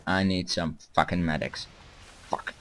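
A young man giving excitable, profane let's-play commentary as he plays a strategy game, often shouting at his units. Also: sits low, unhurried, slight background noise. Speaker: gaming channel host.

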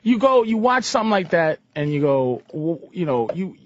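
Brief: man, high husky voice, very animated delivery, talk radio guy, dull lo-fi sound. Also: moderate pace, a little hiss or hum. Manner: animated, profane, emphatic. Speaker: radio show guest or host. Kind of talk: casual studio chat about movies.

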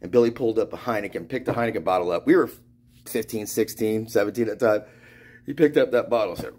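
A man's voice: on the low side, quick pace, a little mellow, a little hiss or hum. A man from Florida in a meandering spiritual monologue, swearing often and laughing through his stories. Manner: meandering, restarts and trails off. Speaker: spiritual vlogger. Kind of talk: rambling monologue.

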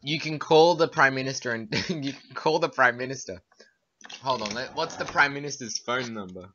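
A young man co-hosting a casual podcast, reading quiz questions aloud in a hesitant, halting way. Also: mid-range voice, bright, forceful tone, a little hiss or hum. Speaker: podcast co-host. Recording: dull, lo-fi home recording.

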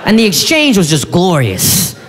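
A man performing stand-up comedy, telling a story in an animated, incredulous way with sudden shouts. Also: sits high, moderate pace. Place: live comedy venue on stage. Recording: live stage in a reverberant hall with faint crowd ambience.

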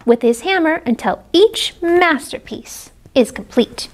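A woman librarian reading picture books aloud at a children's story time, animated and pausing to talk to the kids. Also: a little high, slight background noise. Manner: animated, talks to kids between pages. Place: public library.

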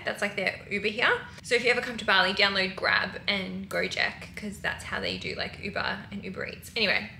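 A woman's voice: medium pitch, vocal fry, bright, forceful tone, echoey room, slight background noise, low-quality recording. An Australian woman chatting candidly in a casual travel vlog, swearing now and then, filmed on a handheld camera. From Melbourne, Australia. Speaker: vlogger. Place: hotel room and streets outdoors.

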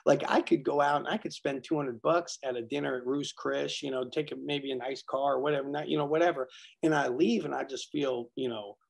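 A man's voice: medium pitch, steady tone, brisk, gravelly. A man speaking casually at a recovery workshop, telling rambling, self-deprecating stories.

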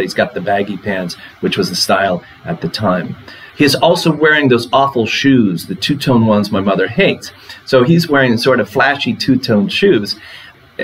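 A man's voice: fairly low pitch, a little hiss or hum, poor audio. A man lecturing on a poem, talking through it line by line and asking the class rhetorical questions. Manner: conversational, asks rhetorical questions. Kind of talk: literature lecture.

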